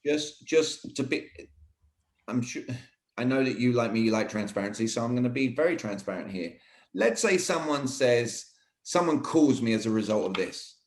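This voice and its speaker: A man coaching on sales technique in an energetic, emphatic way, often saying "all right". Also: medium pitch, normal speed. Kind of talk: teaching sales techniques in conversation. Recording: roomy echo.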